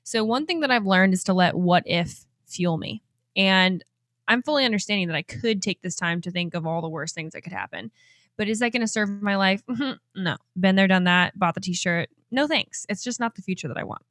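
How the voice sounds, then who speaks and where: A woman in her twenties hosting a motivational podcast, energetic and enthusiastic and quick to laugh. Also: mid-range voice, dry recording, clean studio sound. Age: 20s. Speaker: podcast host and life coach. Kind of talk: upbeat motivational podcast talk.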